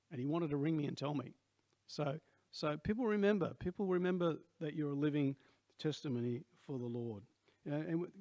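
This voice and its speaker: A man's voice: fairly high pitch, darkish tone, dry recording. Chatty Australian preacher in his sixties. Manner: conversational, rambling with many asides. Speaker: pastor. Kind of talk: sermon.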